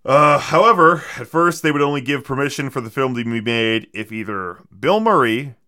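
A man's voice: medium pitch, animated, moderate pace, bright, forceful tone, no echo, studio quality. A man hosting a casual movie podcast, reeling off trivia in a wry, sardonic way with plenty of fillers.

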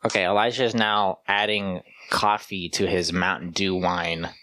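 A man's voice: low voice, level tone, normal speed, pushed and bright, dry recording, studio quality. A man hosting a casual podcast chat about music, rambling with many fillers and humming bits of songs. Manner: rambling, hums and sings song snippets. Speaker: podcast host.

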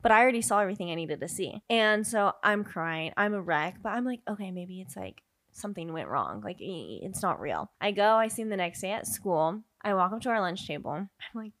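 A young woman telling a story in casual chat, animated, acting out the quotes, and laughing often. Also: mid-range voice, fairly quick, few pauses, no echo.

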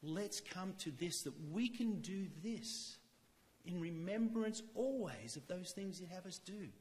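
A man giving a sermon in a church, talking earnestly and conversationally, slowing down to stress key lines. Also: high-pitched, expressive, darkish tone, in a large hall. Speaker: lay church speaker. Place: church chapel.

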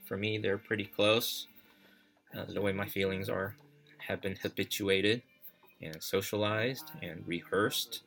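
A man telling a personal story as podcast host, reflective and halting, with many fillers and restarts. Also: on the low side, steady tone, creaky, fairly bright tone, soft background music.

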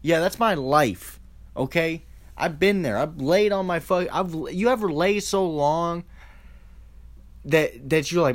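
A man's voice: fairly high pitch, measured pace. Man in a profane rambling rant. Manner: profane, rambling, with frequent restarts and rhetorical questions. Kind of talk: casual ranting monologue.

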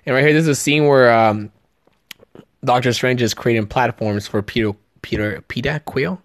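Recorded with clean studio sound and no room sound, this man speaks at medium pitch and normal speed. Hosting a podcast, he picks apart a movie trailer in an excited, joking, profane style, stumbling over words often.

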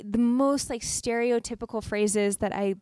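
A woman's voice: on the high side, unhurried, smooth, dry recording, studio quality. A young American woman co-hosting a casual travel podcast, telling stories with lots of laughter. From United States. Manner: animated storytelling, laughs often. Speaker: podcast co-host.

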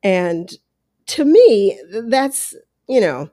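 A woman's voice: mid-range voice, sing-song, slow pace, mellow, no room sound. Woman podcast host, dry close sound. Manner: conversational, talks through ideas with asides and quoted voices. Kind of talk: casual solo commentary. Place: room at home. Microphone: headphones and close mic at home. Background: dog lapping water.

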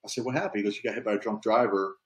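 A man's voice: lowish voice, steady tone, rapid-fire, poor audio. A police officer telling a story in a casual, easygoing way, often tossing in "man". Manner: easygoing, peppers talk with "man".

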